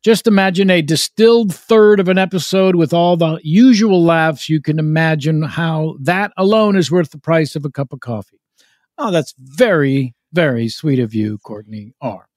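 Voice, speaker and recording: A man's voice: on the high side, normal speed, darkish tone, dry recording, clean studio sound. A man hosting a comedy podcast, chatting casually and reading out listener mail, often interrupting himself. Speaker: podcast host.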